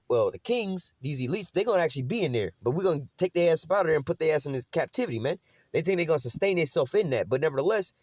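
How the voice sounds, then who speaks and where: A man's voice: a little high, a little mellow, dry recording. A man preaching on scripture in a loose, profane, slangy rant, tossing "man" into nearly every sentence. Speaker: Bible teacher. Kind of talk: casual street preaching.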